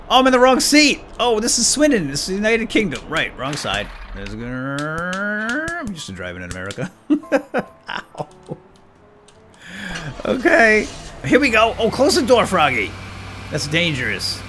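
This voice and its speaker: Excitable man doing silly game commentary. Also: a little high, normal speed, soft background music. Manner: excitable, exclaiming, giggly. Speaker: let's play host.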